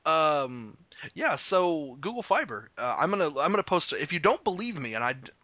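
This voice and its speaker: A man from Arkansas talks in a casual podcast chat, excitable and quick to swear and laugh. His voice is bright and forceful, recorded close and dry with no room sound. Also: on the high side, no room sound. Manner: excitable, profane, laughs often. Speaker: podcast co-host.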